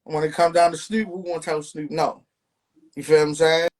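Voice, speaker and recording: A man talking casually on a podcast, emphatic and drawn-out, often checking in with "you feel me". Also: on the high side, flat delivery, rough recording. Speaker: podcast guest.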